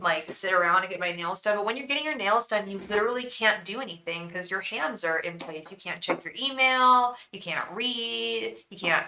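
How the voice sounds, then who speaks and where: Woman tarot reader, rambling and chatty, crisp bright tone, talking straight to viewers on a livestream. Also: mid-range voice, a little hiss or hum, poor audio. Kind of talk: casual livestream chat.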